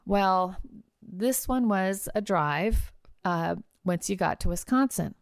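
A woman hosting a podcast, telling a personal travel story in a chatty, animated way with casual fillers. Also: medium pitch, slow, no echo, clean studio sound. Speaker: podcast host and trial lawyer.

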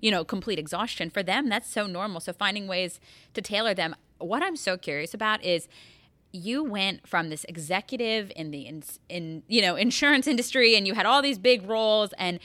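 A woman's voice: medium pitch, lively intonation, moderate pace, fairly bright tone, no room sound. A woman hosting an interview, asking curious questions. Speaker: podcast host. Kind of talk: interview conversation.

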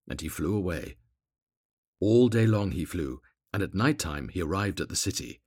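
Husky low-voiced male storyteller. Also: moderate pace, no echo, clean studio sound. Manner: expressive, gently dramatic. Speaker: narrator. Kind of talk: storybook reading aloud.

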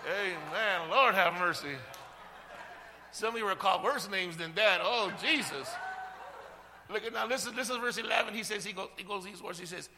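A middle-aged male pastor preaching a sermon with animated delivery, repeating words and shouting at the high points. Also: fast talker, vocal fry, few pauses, slight background noise. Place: church sanctuary. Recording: long hall reverb.

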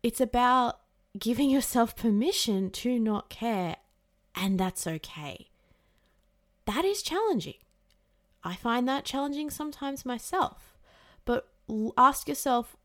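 A young woman hosting a podcast, talking casually and animatedly, swearing freely and acting out the voices in her head. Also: fairly high pitch. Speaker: podcast host. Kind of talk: casual advice monologue.

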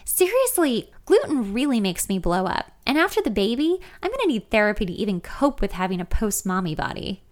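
A woman's voice: a little high, very animated, fairly quick, hardly any pauses. A woman voicing a bossy, chatty pregnant young woman who always thinks she knows better, with a confident and slightly smug manner. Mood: fretting.

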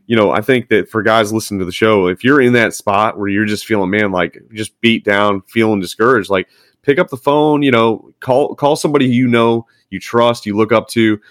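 A man's voice: lowish voice, dry recording, clean studio sound. A man, a firefighter, talking earnestly and encouragingly in a casual podcast chat, with frequent restarts.

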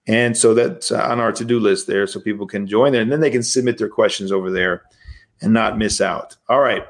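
A man's voice: lowish voice, fairly even intonation, fairly quick. A man, a priest, giving a livestreamed spiritual lecture in a conversational, emphatic way, often asking rhetorical questions.

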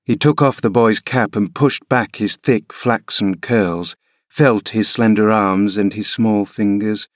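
A man reading a classic novel aloud as scripted narration, measured and unhurried. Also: on the low side, no echo, clean studio sound. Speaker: audiobook reader.

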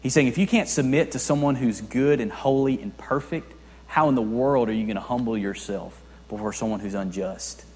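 A young male pastor gives a conversational sermon, firing off rhetorical questions and moving from hushed to raised delivery. His voice carries a long reverb tail from a large church hall. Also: mid-range voice, moderate pace. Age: young adult. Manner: conversational preaching with rhetorical questions, swings between soft and loud.

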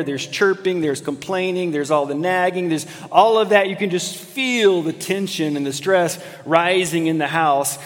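Pastor preaching in an echoing hall. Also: male voice, a little high. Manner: storytelling, swings from animated to hushed. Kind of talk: sermon. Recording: long hall reverb.

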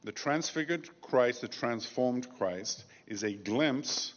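A man preaching a sermon as pastor, measured and emphatic, slowing down to stress key phrases. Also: mid-range voice, expressive. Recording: dull lo-fi sound with long reverb.

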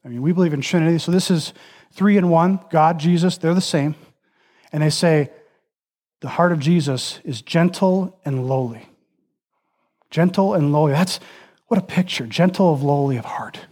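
Impassioned high-voiced male preacher. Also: moderate pace, long pauses. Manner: dramatic drops to a soft, near-whispered voice for emphasis; repetitive, building lists of phrases. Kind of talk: sermon.

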